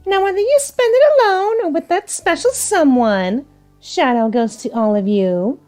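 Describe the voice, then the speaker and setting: A woman's voice: sits high, normal speed, darkish tone, soft background music. A woman VTuber playing a visual novel and commenting in a theatrical, teasing, prim manner. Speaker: VTuber game streamer.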